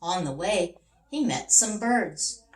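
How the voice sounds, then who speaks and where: A woman, a middle school teacher, reading a picture book aloud to children with an animated voice. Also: on the low side, slow pace, reverberant, poor audio.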